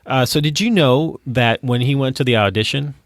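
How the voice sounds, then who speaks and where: A man's voice: mid-range voice, moderate pace, dry recording. Chatty middle-aged man, dry close mic. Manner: rambling, full of fillers and restarts, chuckles at his own jokes. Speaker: podcast co-host. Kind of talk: casual podcast chat.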